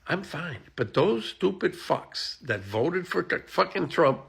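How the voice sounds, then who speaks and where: A man rants with profane exasperation and bitter laughter. His voice sits high and swings widely, with a gravelly, husky edge. It sounds bright and tense. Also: very animated, a little slow. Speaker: social media poster. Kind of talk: ranting to camera.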